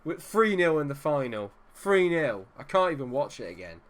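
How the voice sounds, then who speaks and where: A man's voice: on the high side, very animated, moderate pace. A man hosting his own gaming channel, giving live commentary over a management game in an exasperated, self-deprecating, rambling way.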